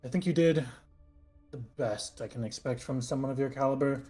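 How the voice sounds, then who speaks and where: An aloof knight in polished gold armor gives short, condescending orders, played by a man. His voice sits at an ordinary middle pitch. Soft music plays underneath. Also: moderate pace, natural voice. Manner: curt, condescending. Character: cold, commanding male knight in golden armor.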